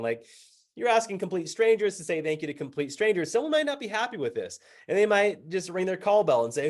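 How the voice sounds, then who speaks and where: Animated male storyteller acting out dialogue. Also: high-pitched, brisk. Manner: animated, acts out dialogue with voices; laughs while telling. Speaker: speaker. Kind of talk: personal storytelling talk.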